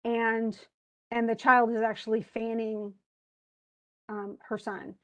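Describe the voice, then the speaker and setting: A woman's voice: on the high side, flat delivery, slow pace, fairly bright tone, lo-fi sound. Chatty woman teacher explaining a story. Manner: conversational, many fillers and restarts, reads story passages aloud. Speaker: college English teacher. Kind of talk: literature lecture.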